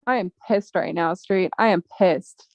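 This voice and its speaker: A woman's voice: fairly low pitch, measured pace, no echo, dull audio. A woman hosting a casual livestream chat, talking in a rambling way with a lot of swearing. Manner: angry, profane, rambling. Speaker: chat host.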